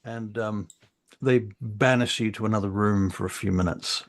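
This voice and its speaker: Gravelly game master. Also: male voice, fairly low pitch, steady tone, normal speed. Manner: hesitant, filler-heavy, soft narration. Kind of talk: narrating a tabletop game.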